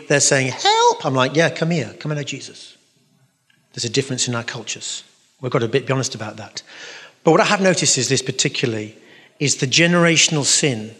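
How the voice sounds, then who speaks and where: A man's voice: medium pitch, a bit bright. An English man preaching a sermon with emphasis, repeating phrases for effect and throwing in playful noises. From England. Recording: long reverb of a large hall.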